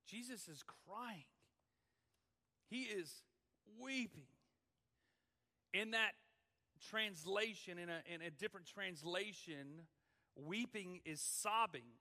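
A man's voice: high voice, pushed and bright, long reverb tail. A man, a student pastor, preaching a dramatic, emphatic sermon in a church. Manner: dramatic, emphatic, drawn-out phrasing.

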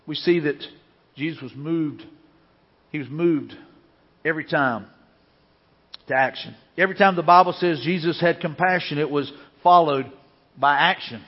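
A man's voice: fairly high pitch, moderate pace, long pauses. A man preaching a sermon as pastor, earnest and repeating his key phrases for emphasis. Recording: dull lo-fi sound with long hall reverb.

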